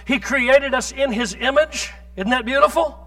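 A male pastor with a strikingly high voice preaches emphatically in church. He fires off scripture and keeps asking the congregation rhetorical questions. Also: moderate pace, fairly bright tone. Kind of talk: sermon.

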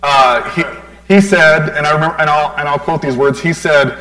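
A man's voice: on the high side, a little fast, bright, forceful tone, low-quality recording. A man in his forties telling a personal testimony to a church crowd, rambling with lots of fillers and asides to the audience. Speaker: church speaker giving a tribute.

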